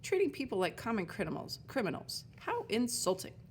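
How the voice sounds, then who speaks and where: A woman voicing a hungry, sharp-tongued young girl in a storybook reading, snapping back with sarcasm. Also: medium pitch, sing-song, brisk, slight background noise, lightly acted. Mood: indignant.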